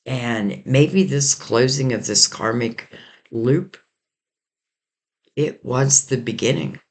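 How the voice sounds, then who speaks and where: A man's voice: medium pitch, gravelly. A man giving a casual tarot reading in a rambling, reflective way, full of fillers, while his voice is going. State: losing his voice. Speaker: tarot reader.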